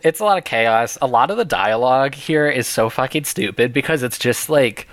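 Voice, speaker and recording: A man co-hosting a podcast in casual chat, wry and self-deprecating, quick to agree. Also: medium pitch, animated, a bit bright, no room sound. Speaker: podcast co-host.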